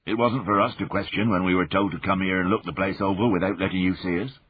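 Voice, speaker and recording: A man's voice: low-pitched, fairly even intonation, quick pace, a little hiss or hum, natural voice. A man voicing a wary, deferential burly soldier. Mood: placating. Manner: respectful, placating, addresses listener as sir and lord. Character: big burly male soldier turned spy, wary, deferential. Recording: phone-like narrow band.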